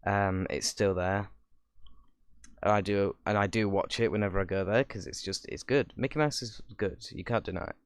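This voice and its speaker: A man's voice: lowish voice, moderate pace, clear, resonant tone, no room sound. A young man hosting his channel, giving rambling casual reaction commentary with sarcastic asides. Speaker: YouTuber host.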